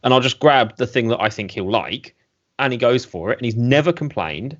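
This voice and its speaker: A man's voice: mid-range voice, a little fast. A man on a podcast who tells stories with plenty of life and a voice that swings up and down a lot. He chats casually with his co-hosts. The audio is dull and lo-fi. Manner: animated storyteller who acts out customers. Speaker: co-host and vape shop worker.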